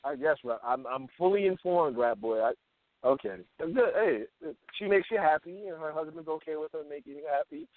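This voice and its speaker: A man's voice: fairly high pitch, a little fast, no room sound. A man co-hosting a radio talk show, teasing and mock-incredulous as he questions a caller. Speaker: radio co-host. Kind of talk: comedic radio banter. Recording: tinny phone-like line.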